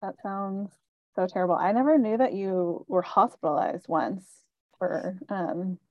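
A woman hosting a podcast speaks very slowly and sympathetically, then asks a follow-up question. The recording is dry and a little muffled. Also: mid-range voice, no room sound. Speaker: podcast host. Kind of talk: casual podcast chat.

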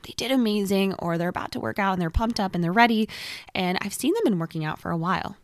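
A young woman coaching fitness in a casual podcast talk, energetic and chatty, sometimes dropping to a whisper for emphasis. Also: medium pitch, fast talker, no room sound, clean studio sound.

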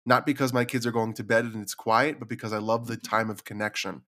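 A man's voice: medium pitch, fairly even intonation, fast talker, fairly bright tone. A man hosting his own podcast, talking earnestly and confidingly about his struggles, sometimes repeating words when moved. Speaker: podcast host. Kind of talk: reflective solo podcast talk.

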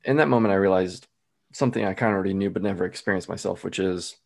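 A man from the Midwest, a guest hypnotist, telling stories in a lively, casual way. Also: low voice, racing, gravelly. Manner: lively storyteller who laughs at his own stories. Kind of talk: casual storytelling.

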